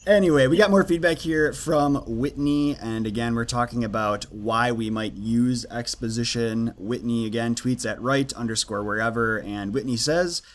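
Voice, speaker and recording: Guy cohosting a writing podcast, mid pitch, lively, jokey voices when he quotes people. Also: moderate pace, few pauses, slight background noise. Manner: animated, acts out quoted lines with jokey voices. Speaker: podcast co-host. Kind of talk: casual chat about writing craft.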